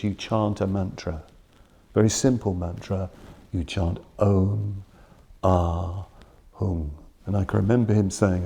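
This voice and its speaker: A man giving a Buddhist dharma talk in a shrine room, reflective and earnest, dwelling slowly on key words. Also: lowish voice, mellow, slightly rough. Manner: reflective, earnest, quoting his teacher with slow emphasis. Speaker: Buddhist teacher.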